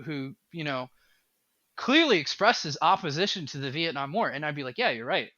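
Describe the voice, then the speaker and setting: Bright-voiced man in animated podcast chat. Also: on the high side, moderate pace, dry recording, highs cut off. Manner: animated, rambling talker. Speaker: game developer guest.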